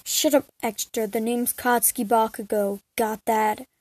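A woman voicing a brash, hot-tempered teenage boy who speaks gruffly and rudely in a fan fiction read-aloud. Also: fairly high pitch, steady tone, unhurried, a little mellow, no room sound. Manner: gruff, rude and dismissive.

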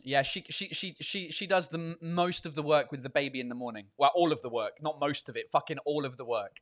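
A man's voice: fairly high pitch, a little fast, a bit bright. A man hosting a casual chat, hesitant and full of stammered restarts, laughing along with his guest. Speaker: host.

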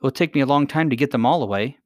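A man's voice: medium pitch, fast talker, dry recording, clean studio sound, voice pushed up, lightly acted. A man voicing a brave, determined young princess girl with an eager tone in a storybook reading. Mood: earnest. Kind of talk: audiobook character voice.

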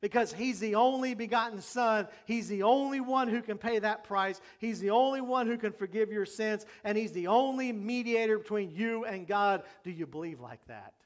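High-voiced man preaching a sermon. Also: normal speed, hardly any pauses. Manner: conversational preaching with jokes and rhetorical questions. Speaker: pastor.

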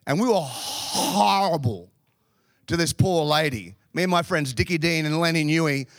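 A man's voice: fairly high pitch, moderate pace, fairly bright tone, no room sound, studio quality. A middle-aged Australian man preaching a sermon through humorous, self-deprecating stories from his youth. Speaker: pastor. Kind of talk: storytelling sermon.

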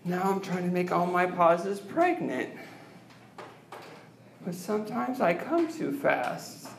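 A man doing an awkward, self-deprecating open-mic stand-up set into a handheld mic on a club stage, leaving long pauses. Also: sits high, lively intonation, creaky, slight background noise. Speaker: stand-up comedian. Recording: roomy club sound.

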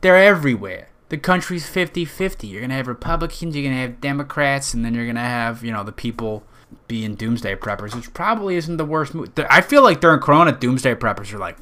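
A man's voice: mid-range voice, animated, fairly quick, sharp tone. A man with a nasal Western New York accent, hosting a podcast in a rambling, profane, jokey monologue. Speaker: podcast host.

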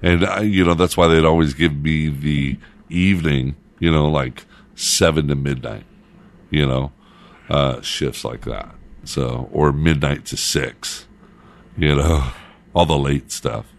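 Very deep-voiced middle-aged man. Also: takes it slowly, vocal fry. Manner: loose, laughing storyteller. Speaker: radio host and former DJ. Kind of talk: casual chat.

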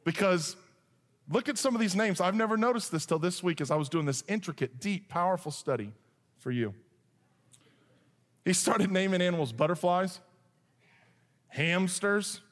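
A man preaching a sermon, telling a humorous story with lively asides and then reading scripture. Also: high voice, moderate pace, long pauses. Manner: animated, joking, shifts into acted voices for characters. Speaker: pastor. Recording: long hall reverb.

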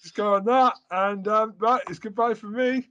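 A man's voice: high-pitched, fairly even intonation, moderate pace, bright, forceful tone, muffled recording. A man hosting a casual podcast over a remote call, rambling and jokey and prone to fits of giggles. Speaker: podcast host. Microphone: remote call recording.

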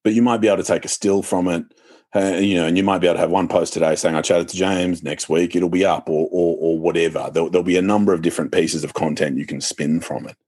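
A lawyer appearing as a podcast guest talks casually about marketing in a Sydney private-school Australian accent. His voice is low, steady, and darkish, and he speaks fast. He's articulate but often corrects himself and laughs easily.

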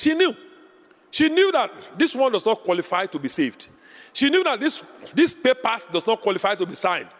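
A man's voice: high-pitched, animated, fairly quick, long reverb tail. A man preaching a sermon as pastor, impassioned and repeating lines for emphasis.

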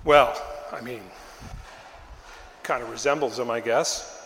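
Slowly and in a mid-range voice, an older pastor tells the sermon's story in a lively, conversational way, performing the bystanders with little voices. The sound is reverberant with a long reverb tail and a little hiss or hum.

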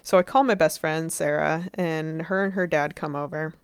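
A woman's voice: deep voice, steady tone, normal speed, smooth, no echo. A woman telling a story in casual chat, rambling, peppering her talk with "like" and swearing freely.

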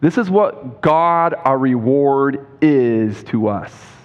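Slow, expressive, and clean in tone, a man's mid-range voice carries an emphatic sermon. As pastor he quotes scripture with rising intensity and asks his congregation questions, all heard through a dull, lo-fi recording soaked in long hall reverb.

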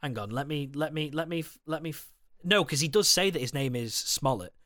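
Man, casual film chat, lively pitch, dry close sound. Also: fairly quick, no room sound. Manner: laughing, swearing, animated storytelling. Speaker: podcast co-host.

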